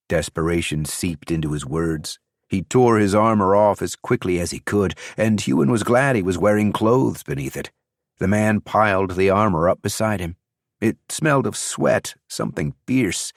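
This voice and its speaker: A man narrating an audiobook in a measured, expressive storytelling manner. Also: sits low, gravelly, dry recording, studio quality. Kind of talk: scripted narration.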